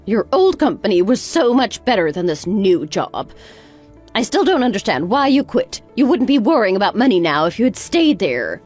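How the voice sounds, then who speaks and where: A woman's voice: medium pitch, very animated, normal speed, a little mellow, soft background music. A woman voicing a bossy, harsh older mother-in-law who talks in a sarcastic, cutting way. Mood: scornful. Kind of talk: narrated text-story drama.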